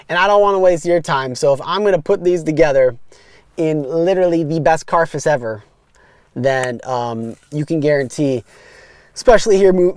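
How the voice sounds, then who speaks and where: A fairly high-pitched man in his thirties from West Allis, Wisconsin, USA, hosts a casual solo podcast with no room sound. He's upbeat and rambling, talking straight to his listeners.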